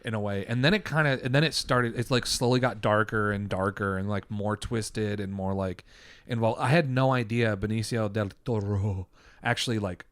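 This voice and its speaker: A man's voice: on the low side, steady tone, moderate pace, fairly bright tone, dry recording. A man co-hosting a casual podcast, chatting animatedly about a movie, swearing freely and retelling jokes in little voices. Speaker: podcast co-host. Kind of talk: casual chat.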